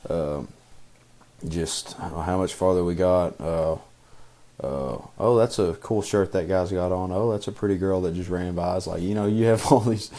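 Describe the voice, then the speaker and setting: A man's voice: sits low, fairly even intonation, moderate pace, warm tone. A young man co-hosting a podcast, talking casually in a rambling way with many fillers and restarts. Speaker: podcast co-host. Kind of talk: casual chat.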